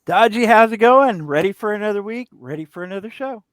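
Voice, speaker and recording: A friendly man joins a casual podcast as co-host and keeps it easygoing. His voice is high for a man, and the sound is dry and close. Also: animated, fairly quick, no echo.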